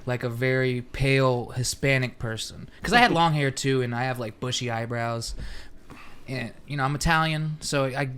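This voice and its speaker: A man's voice: mid-range voice, moderate pace, fairly bright tone. Man co-host, rambling casual chat with lots of "like", faint room noise. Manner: rambling, filler-heavy. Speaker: podcast co-host.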